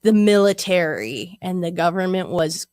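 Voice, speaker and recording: A woman's voice: fairly low pitch, animated, normal speed, a little mellow, dry recording, clean studio sound. A woman co-hosting a podcast, chatting casually and laughing often while telling a story. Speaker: podcast co-host. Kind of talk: casual chat.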